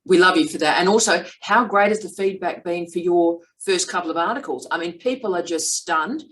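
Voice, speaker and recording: A woman's voice: fairly low pitch, a bit bright, poor audio. Effusive middle-aged woman, academic host. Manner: effusive, emphatic, quick to praise. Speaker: vlog host and PhD supervisor. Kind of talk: casual academic conversation.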